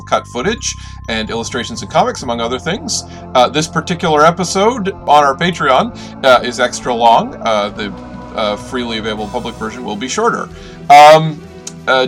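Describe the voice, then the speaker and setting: A man's voice: medium pitch, fairly bright tone. Friendly male podcast co-host. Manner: friendly, fills pauses with uh. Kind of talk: casual podcast outro.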